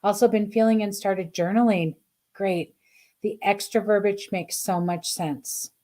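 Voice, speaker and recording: A woman's voice: mid-range voice, steady tone, unhurried, mellow. A middle-aged woman hosting a live card reading, chatty and effusive as she reads out viewer comments. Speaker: spiritual card reader, host.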